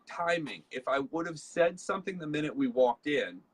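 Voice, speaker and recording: A man's voice: a little high, expressive, moderate pace, husky. A man, hosting a casual leadership talk and telling a story in a chatty way, acting out bits of dialogue. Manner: chatty storyteller, acts out dialogue, many fillers. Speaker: host.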